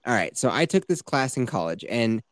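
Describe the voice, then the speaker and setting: A man's voice: medium pitch, sing-song, brisk. A man hosting a podcast, telling crude self-mocking stories in casual chat. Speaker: podcast host.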